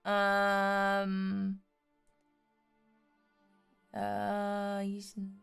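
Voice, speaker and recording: A woman's voice: mid-range voice, monotone, very slow, gravelly, fairly bright tone, clear, resonant tone, faint music behind. A woman playing a tabletop game, talking casually and checking rules aloud. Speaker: player.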